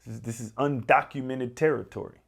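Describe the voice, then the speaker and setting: A man's voice: medium pitch, fairly even intonation, brisk, gravelly, breathy edge. A man talking as a fitness coach, giving an emphatic, repetitive motivational talk to camera.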